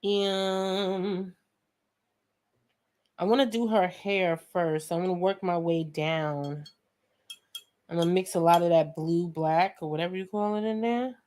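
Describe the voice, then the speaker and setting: A woman's voice: fairly low pitch, steady tone, unhurried, pauses often, darkish tone. Chatty woman hosting a painting tutorial. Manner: chatty, joking asides, talks to viewers as friends; frequent laughs and throat clearing. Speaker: art tutorial host. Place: home studio with a fan running.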